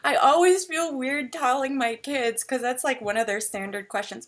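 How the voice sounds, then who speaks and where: Bright-voiced woman chatting on a podcast. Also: high voice, normal speed. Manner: chatty, laughs while telling stories. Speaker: podcast guest, stand-up comedian. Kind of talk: casual podcast chat.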